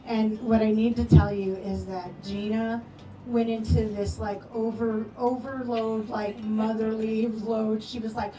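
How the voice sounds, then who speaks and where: A woman telling affectionate, animated stories about a late friend at a memorial, acting out quoted lines. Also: a little high, a little slow, noisy background. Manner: animated storytelling with playful quoted voices. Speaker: memorial speaker. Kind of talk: eulogy storytelling. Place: memorial gathering hall. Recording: roomy echo, distant from mic, soft music.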